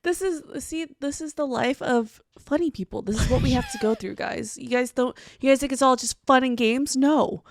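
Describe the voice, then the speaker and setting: A woman with a fairly high voice co-hosts a podcast in casual chat. She talks bluntly and teasingly, sometimes slipping into a mock lecture, recorded dry on a close mic. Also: normal speed, few pauses, dry recording. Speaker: podcast co-host.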